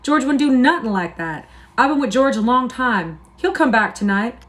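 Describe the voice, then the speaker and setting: A woman reading a story aloud gives voice to a hulking, simple-minded man who gets anxious and frightened fast. His lines come out higher than her own voice, louder and pleading, rising to cries. It sounds like a live storybook reading. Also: lively intonation, natural voice. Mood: upset, insistent. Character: big slow childlike man, anxious and easily frightened.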